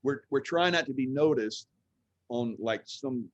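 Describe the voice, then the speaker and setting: A man's voice: mid-range voice, a little slow, no room sound, lo-fi sound. A man in a casual roundtable chat, rambling along with many fillers. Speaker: roundtable guest.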